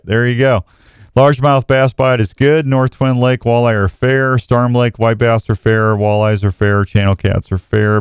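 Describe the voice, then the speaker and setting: A man's voice: mid-range voice, clear, resonant tone, dry recording. A man hosting an outdoors radio show in a studio, chatting casually and rambling a little as he reads hunting and fishing reports. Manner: rambling, self-deprecating, reads reports aloud. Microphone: studio microphone.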